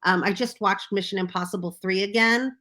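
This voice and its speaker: Bright-voiced chatty American woman. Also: medium pitch, a little fast. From United States. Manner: chatty, enthusiastic, lots of fillers. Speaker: guest, film publicist. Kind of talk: casual podcast chat.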